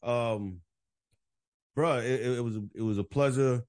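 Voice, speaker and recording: A man hosting a podcast, telling a bar story in casual, profane, animated chat and acting out the voices of the people in it. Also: mid-range voice, a little slow. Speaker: podcast host.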